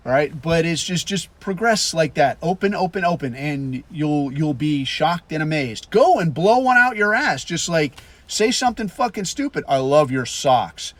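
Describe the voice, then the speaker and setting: Male podcast host, brash and profane, a little high-pitched, casual rant delivery. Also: moderate pace, dry recording. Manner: blunt, swearing constantly, brash; animated storyteller, acts out quotes.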